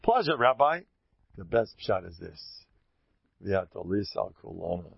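A man with a gravelly, husky voice gives an informal Torah talk. His pitch swings widely, and he repeats phrases to drive his points home. The recording is dull and dry, with a lo-fi sound. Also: a little slow, no echo. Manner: animated and emphatic, repeats phrases for stress. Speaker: Torah teacher.

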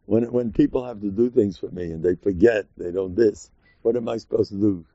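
A man teaching a Torah class in a lively way, acting out quoted voices and laughing often. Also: on the low side, brisk, dry recording, highs cut off.

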